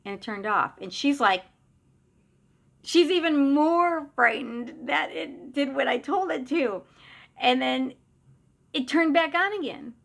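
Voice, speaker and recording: A woman's voice: high-pitched, expressive, slow pace, pauses often, a bit bright. A middle-aged woman and psychic medium telling a personal story in a casual, conversational way, often restarting sentences and trailing off into asides.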